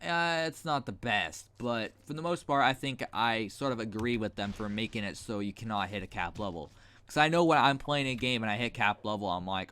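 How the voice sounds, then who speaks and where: A man's voice: on the low side, brisk, pushed and bright. A man giving blunt, rambling, sarcastic commentary while playing a game at his computer mic. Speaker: gaming video host. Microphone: desk mic while gaming.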